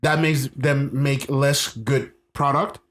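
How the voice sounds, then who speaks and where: A podcast co-host with a medium-pitched, fairly bright voice speaks slowly in a level tone. During this casual chat he talks emphatically, repeating himself and restarting sentences.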